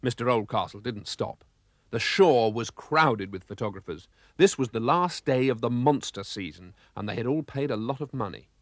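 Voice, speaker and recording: A man narrating a children's storybook with a lively, expressive reading. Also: medium pitch, moderate pace, no echo, clean studio sound.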